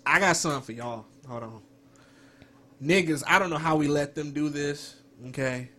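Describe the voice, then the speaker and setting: A man, co-hosting a casual, crude comedic chat, animated and laughing a lot. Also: a little high, moderate pace.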